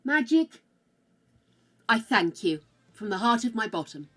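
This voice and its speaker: An older British woman streams games and chats casually with her viewers in a bright, sharp voice. Her accent slides between regional styles as she talks. She is theatrical and fond, calling everyone darling and dearie. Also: a little high, sing-song, unhurried. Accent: British, shifting between regional accents. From United Kingdom. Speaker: game streamer. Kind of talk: casual livestream chat.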